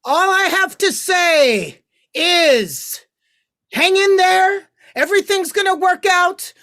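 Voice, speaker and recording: A woman's voice: extremely high pitch, animated, takes it slowly, fairly bright tone. A woman giving a chatty, upbeat announcement during a break.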